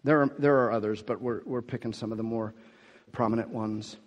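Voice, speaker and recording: A man's voice: mid-range voice, steady tone, brisk, highs cut off. A man preaching a sermon in an emphatic, conversational way, restarting and repeating words as he goes. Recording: long hall reverb.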